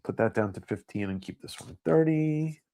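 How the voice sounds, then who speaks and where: A man's voice: lowish voice, expressive, normal speed, dark tone. A man hosting a comic sale livestream in casual sales chat, rambling with lots of fillers.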